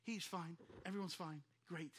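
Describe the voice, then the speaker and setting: A middle-aged man preaching as a pastor, telling a story animatedly and acting out rapid back-and-forth dialogue. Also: fairly high pitch, steady tone, a bit bright. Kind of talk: storytelling sermon.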